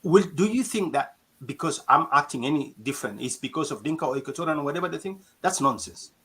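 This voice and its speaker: Husky south sudanese guy, fired up, pitch a bit high, lots of rhetorical questions. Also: lively intonation, fast talker, fairly bright tone, poor audio. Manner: impassioned, rhetorical questions, restarts. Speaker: community speaker in an online discussion. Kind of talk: passionate audio-room speech.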